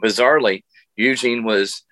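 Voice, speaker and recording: A middle-aged man tells a long story as a guest on a radio interview, animated and laughing often as he restarts his sentences. His voice sits at an ordinary pitch and the recording is dry and close. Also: moderate pace, no echo. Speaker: guest musician.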